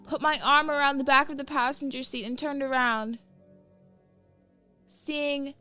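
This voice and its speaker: A woman giving a slow, emotional and dramatic reading of a scripted horror story. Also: sits high, a bit bright, clear, resonant tone. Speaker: narrator.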